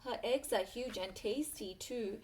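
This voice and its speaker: A wily downy duck who talks the crooks into a new idea, as a woman reads her aloud. She sounds persuasive and unhurried, with a slightly high voice. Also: darkish tone, a little hiss or hum, natural voice, poor audio. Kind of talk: reading a picture book aloud.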